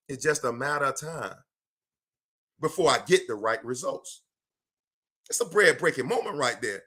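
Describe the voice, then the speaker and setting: A man giving a live motivational talk, emphatic and preachy, repeating his lines for effect and breaking into loud bursts of fervor. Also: medium pitch, expressive, normal speed, long pauses, slightly rough. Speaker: motivational speaker. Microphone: livestream microphone.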